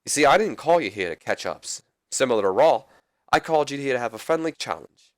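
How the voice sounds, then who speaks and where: A man's voice: mid-range voice, animated, a little fast, dry recording, voice pushed up, natural voice. A man doing a clumsy British accent, playing a haughty wrestling commissioner who issues a challenge. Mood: smug. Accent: British, put on poorly.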